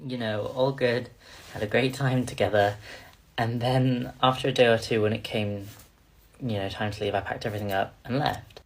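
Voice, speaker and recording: A man's voice: medium pitch, steady tone, normal speed. A man telling a self-conscious storytime in a confiding way. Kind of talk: storytime narration.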